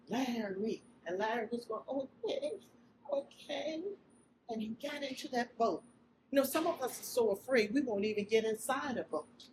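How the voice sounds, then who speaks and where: Woman telling a heartfelt story to a crowd of ladies, kinda high voice, lots of background noise. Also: distant mic. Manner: expressive storytelling, breaks into loud cries when acting out quotes. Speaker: speaker sharing a story with an audience. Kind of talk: emotional inspirational speech. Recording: speech recorded with steady background noise.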